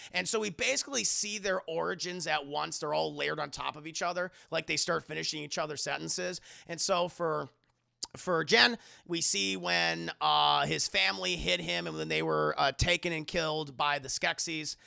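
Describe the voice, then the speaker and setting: Excitable streamer with a gravelly voice. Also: male voice, high-pitched. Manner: excitable, profane, keeps addressing chat. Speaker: streamer reviewing a film. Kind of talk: casual live-stream recap.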